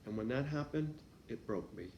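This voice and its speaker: A man's voice: medium pitch, lively intonation, normal speed, a little mellow, roomy sound, muffled recording, a little hiss or hum. A man talking casually to his viewers in a rambling, profane vlog monologue, often laughing. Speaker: vlogger.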